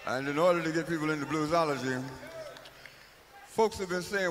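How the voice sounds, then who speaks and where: A man's voice: mid-range voice, expressive, fast talker, fairly bright tone. A man giving a live spoken-word comedy monologue, telling the story in a loose, profane, rhythmic way. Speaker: comic storyteller. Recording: live hall recording, faint noise.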